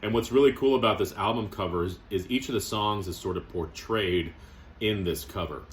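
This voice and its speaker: A man's voice: fairly low pitch, brisk, a little hiss or hum. A man talking casually to the camera as a record-collecting vlogger, chatty and joking. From Canada. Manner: chatty, joking, fond of strong language.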